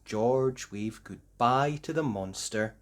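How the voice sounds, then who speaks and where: A woman reading a children's storybook aloud with slow, expressive, sing-song delivery. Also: extremely low pitch. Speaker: story reader.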